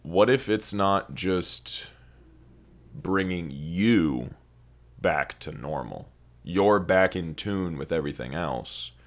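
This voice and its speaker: A man's voice: deep voice, animated, slow. A young man co-hosting a podcast, rambling and swearing in casual stoned chat. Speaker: podcast co-host.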